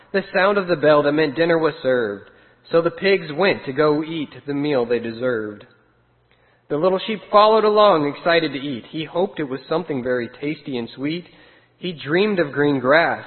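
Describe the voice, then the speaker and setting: A man reading a rhyming children's story aloud in a steady, sing-song way. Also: a little high. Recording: tinny phone-like sound with long reverb.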